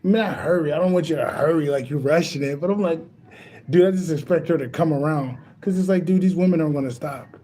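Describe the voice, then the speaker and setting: High-voiced man in a rambling, profane monologue. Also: fast talker, warm tone. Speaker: spiritual vlogger. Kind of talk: casual monologue.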